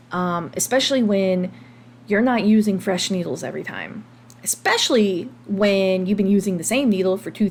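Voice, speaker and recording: A woman's voice: medium pitch, slight background noise. An American woman in her thirties hosting a podcast, speaking openly and confessionally about her own past, with frequent ums and restarts. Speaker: podcast host. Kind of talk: candid personal monologue.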